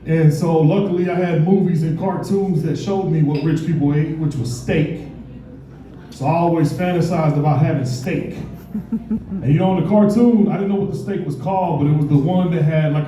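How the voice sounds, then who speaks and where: Profane stand-up comic in an echoey room. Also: male voice, on the high side, dark tone, recorded from a distance, slight background noise. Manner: profane storytelling with put-on voices. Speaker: stand-up comedian. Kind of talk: stand-up set at an open mic. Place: bar or club open mic stage.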